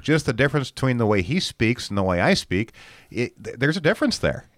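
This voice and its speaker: A man's voice: medium pitch, very animated, a little fast, no echo, studio quality. A man with a Michigan accent co-hosting a casual podcast chat, often stumbling over and repeating his words. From Michigan, USA. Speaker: podcast co-host.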